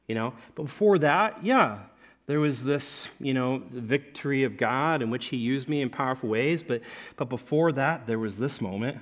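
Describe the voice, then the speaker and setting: A man preaching a conversational sermon, telling a Bible story with lively asides to his listeners. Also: mid-range voice, normal speed. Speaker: pastor.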